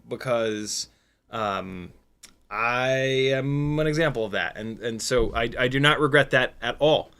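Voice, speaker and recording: A man's voice: mid-range voice, expressive, moderate pace, sharp tone, smooth. A sleepy man in his forties or older hosting a drone livestream in casual chat, reading viewer comments aloud and rambling candidly with lots of fillers. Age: 40s or older. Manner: rambling and candid, with frequent fillers and self-mocking asides. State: tired, sleep deprived. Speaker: FPV drone livestream host.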